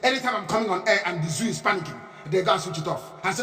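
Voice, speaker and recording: Nigerian male broadcaster, high-pitched, scornful and insistent live monologue, recorded in a roomy space at a distance. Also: lively intonation, rapid-fire, few pauses, a bit bright. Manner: emphatic, mocking, repeats phrases. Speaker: radio broadcaster. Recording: echoey distant room with faint music.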